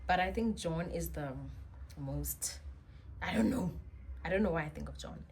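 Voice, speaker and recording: A woman telling a personal story as a vlogger, chatty and expressive with many asides. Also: low-pitched, normal speed, noisy background. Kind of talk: storytime monologue.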